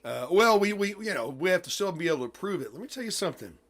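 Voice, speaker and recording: Emphatic, excitable male talk-show host. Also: high voice, fast. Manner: emphatic, excitable, laughs often. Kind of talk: casual interview talk.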